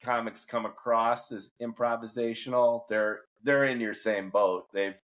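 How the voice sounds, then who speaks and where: A middle-aged man hosting a podcast, asking long, thoughtful questions at a measured pace. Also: mid-range voice, level tone, fairly bright tone. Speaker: podcast host. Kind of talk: interview questions and commentary.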